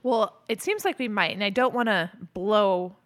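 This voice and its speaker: A woman's voice: medium pitch, lively intonation, moderate pace, a bit bright. A woman co-hosting a comedy podcast, recapping a show with dry, playful banter. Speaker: podcast co-host. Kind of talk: comedic episode recap chat.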